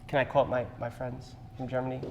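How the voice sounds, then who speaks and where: A male dance instructor talks through a move and counts out the beats as he demonstrates it. His voice sits at an ordinary middle pitch. The hall around him has a long, trailing reverb. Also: monotone, a little fast, creaky, a little mellow, a little hiss or hum. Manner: explanatory, counts beats aloud. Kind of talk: teaching a dance class. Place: dance studio.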